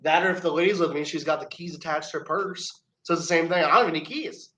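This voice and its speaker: A man's voice: a little high, fast, sharp tone, low-quality recording. A man, a professional wrestler, telling rambling stories as a guest in casual chat, laughing between them and restarting his sentences often.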